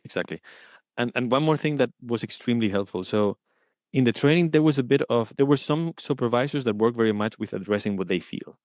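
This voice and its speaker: A man speaking as the guest in an interview, earnest and thoughtful, often pausing to search for his words. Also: mid-range voice, a little mellow, no room sound, clean studio sound. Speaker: guest coaching supervisor. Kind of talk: reflective interview talk.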